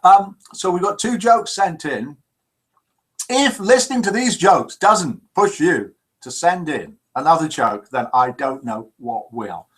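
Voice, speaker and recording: A man hosting a live call-in show, in a jokey, lively manner, chatting and reading out listener messages. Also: a little high, unhurried, breathy edge.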